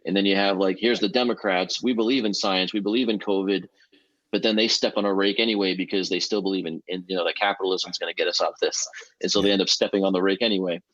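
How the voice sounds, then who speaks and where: A man with a very low voice talks in a measured way, often pausing on fillers and restarting his sentences. The recording sounds slightly dull and dry, with no room echo. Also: steady tone, fairly bright tone. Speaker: physician guest. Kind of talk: podcast discussion.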